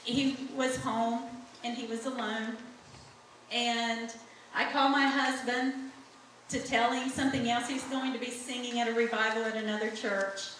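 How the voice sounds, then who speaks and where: A woman's voice: fairly high pitch, level tone, moderate pace, fairly bright tone, slight background noise. A middle-aged woman giving an earnest church testimony, speaking straight to the congregation. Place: church sanctuary. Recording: echoey sanctuary from far off.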